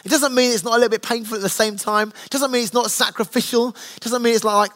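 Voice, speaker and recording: A man's voice: extremely high pitch, steady tone, fast talker, few pauses, a bit bright. A man preaching a conversational sermon to his church, earnest and plain-spoken, with stories from his family table. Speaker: pastor.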